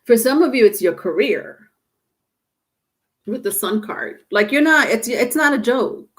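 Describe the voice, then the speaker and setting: A woman with a slightly high voice gives a live tarot reading straight to her viewers. She talks in a loose, chatty way, teasing and digressing, and keeps breaking into laughter. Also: lively intonation, unhurried. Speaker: tarot reader.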